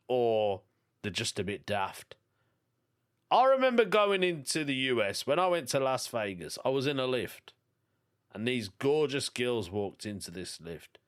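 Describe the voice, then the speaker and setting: A man's voice: medium pitch, a bit bright, smooth. A man with a Birmingham accent hosting a comedy podcast, reading listener stories aloud in a casual monologue and chuckling often. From England.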